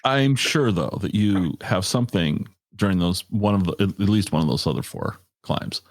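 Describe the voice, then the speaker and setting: A male interview host with a fairly low voice teases his guest in a dry, easy way. The sound is dry, with no echo. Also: expressive, normal speed. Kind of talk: casual interview chat.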